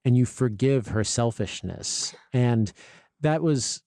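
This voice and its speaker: A man's voice: mid-range voice, slow pace, warm tone, no room sound, studio quality. A man hosting an interview, asking curious, casual questions with fillers. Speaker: interview host. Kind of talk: conversational interview.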